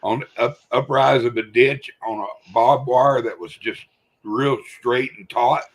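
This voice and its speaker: Gravelly man spinning a hunting yarn. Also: mid-range voice, measured pace. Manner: folksy storyteller, acts out quoted people. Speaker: hunter telling a story. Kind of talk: casual chat.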